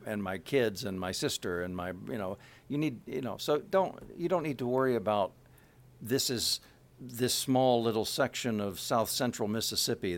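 A man from Kansas City, a voice actor, chatting in an interview with rambling, halting sentences full of restarts and asides. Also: lowish voice. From Kansas City, USA. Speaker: voice actor guest. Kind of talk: casual interview chat.

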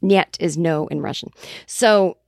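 A woman's voice: lowish voice, a little slow, gravelly, no echo, studio quality. A woman podcast host telling a casual comedic story, acting out the quoted voices of other people as she goes. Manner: animated, acts out quoted voices.

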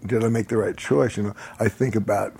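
A man, older, telling a personal story in a casual conversation, animated, often laughing and acting out what people said. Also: lowish voice, brisk, vocal fry. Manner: animated, laughs while telling, acts out quotes.

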